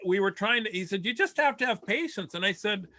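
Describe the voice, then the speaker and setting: A man's voice: high voice, animated, a little fast, sharp tone. A male comedian from Winnipeg doing a rambling, self-deprecating stand-up set over a video call, full of restarts. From Winnipeg, Canada.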